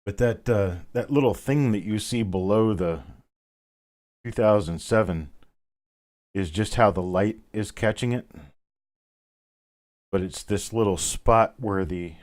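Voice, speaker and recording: Low-voiced man hosting a live auction. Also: measured pace, long pauses, darkish tone. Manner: chatty, reads out bids and greets viewers by name. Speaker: auction host. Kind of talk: live online auction commentary.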